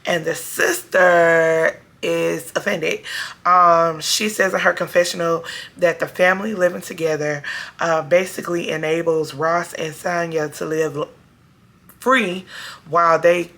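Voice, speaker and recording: Hoarse, gravelly woman vlogger. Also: fairly low pitch, fairly even intonation, a little slow, fairly bright tone. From Chicago area. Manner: sassy, talks straight to her audience with slang. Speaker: TV show review vlogger. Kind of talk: casual chatty recap to viewers.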